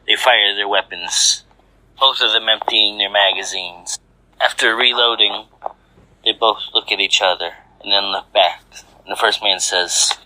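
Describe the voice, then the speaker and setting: A man narrating a fanfiction story aloud in a steady, measured way. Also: on the low side, no echo, rough recording.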